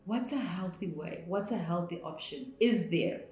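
A woman's voice: lowish voice, animated, moderate pace, a little mellow, very echoey. A Zimbabwean woman hosting a podcast, asking probing follow-up questions. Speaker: host. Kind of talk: podcast interview.

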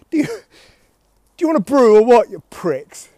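A man's voice: extremely high pitch, very animated, unhurried, mellow, dry recording, pitched above the performer's own voice, full character voice. A man doing a brash mock-Cockney bloke. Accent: put-on Cockney. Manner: swaggering, crude and cheerfully insulting. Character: brash Cockney man offering builders tea.

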